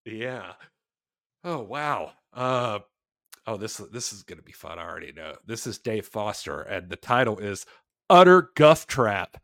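A man's voice: lowish voice, measured pace, creaky, bright, forceful tone. A man co-hosting a film podcast in casual chat, joking and laughing, in an echoey room. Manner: joking, laughing, hesitant fillers. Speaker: podcast co-host. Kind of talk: casual chat, reading reviews aloud.

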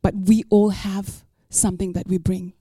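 A woman's voice: mid-range voice, level tone, moderate pace, mellow, breathy edge, dry recording, studio quality. A woman pastor preaching a sermon, emphatic and repeating her key lines for the listeners.

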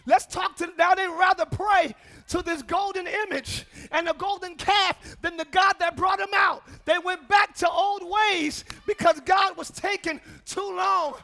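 A man preaching a sermon as pastor, calling out to the congregation and dropping into quiet joking asides. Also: very high voice, steady tone, measured pace, gravelly. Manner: preaching with shouts and call-and-response; drops to quiet asides and laughs. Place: church.

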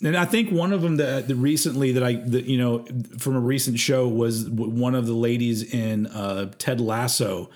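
A man in relaxed podcast conversation about albums. He circles around his points and repeats words as he thinks. His pitch is average for a man. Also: moderate pace, few pauses. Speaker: podcast co-host. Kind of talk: casual chat about albums.

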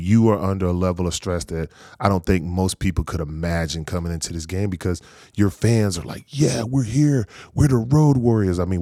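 Low-voiced guy, mellow tone, dry close mic, chatty candid storytelling. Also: no echo. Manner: candid, conversational, lots of "you know" and "like". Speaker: former football player telling his story. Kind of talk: reflective storytelling.

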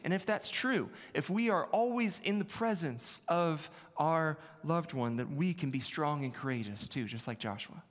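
A male pastor preaching a sermon in a conversational, self-deprecating way, repeating his key phrases. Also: fairly high pitch. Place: church sanctuary. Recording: long reverb of a large hall.

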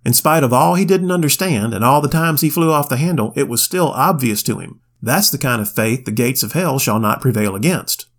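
A man's voice: medium pitch, animated, brisk, hardly any pauses. A man co-hosting a Bible podcast, giving casual commentary with wry, plainspoken asides. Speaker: podcast co-host.

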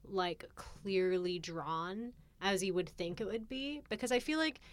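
A woman's voice: mid-range voice, measured pace, no room sound. A woman co-hosting a podcast, chattily recapping a film plot with laughs. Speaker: podcast co-host. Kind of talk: casual film discussion.

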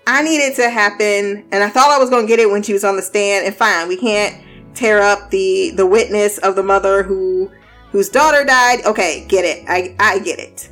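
A woman casually recapping a TV episode in an animated, opinionated way, often swearing. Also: mid-range voice, normal speed, soft background music. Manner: animated, opinionated, with frequent profanity.

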